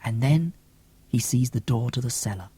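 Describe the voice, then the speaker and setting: A man's voice: mid-range voice, lively intonation, moderate pace, mellow, husky, no room sound. A man reading an audiobook expressively, with theatrical gasps and whispers. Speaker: audiobook reader.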